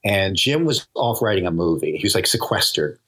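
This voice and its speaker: An older man who writes and produces TV comedy tells stories as a guest in a casual interview, chatty and laughing often. His voice sits low, with a sing-song, brisk, slightly bright quality.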